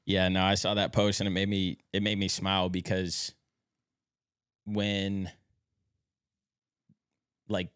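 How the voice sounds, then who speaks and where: A man's voice: deep voice, monotone, slow, long pauses, fairly bright tone, clean tone, no echo, studio quality. A man co-hosting a podcast, speaking with motivational passion in casual chat and swearing casually. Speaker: podcast co-host.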